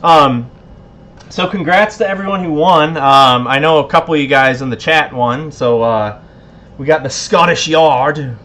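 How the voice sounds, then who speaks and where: A man's voice: on the high side, moderate pace, pushed and bright. A man hosting a casual livestream giveaway, laid-back, a bit tipsy and laughing often. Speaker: livestream host.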